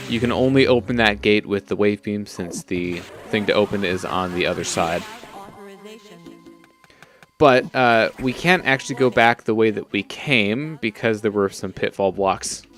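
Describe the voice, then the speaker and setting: A young man giving casual, relaxed gameplay commentary, rambling with many fillers. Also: lowish voice. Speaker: let's play commentator.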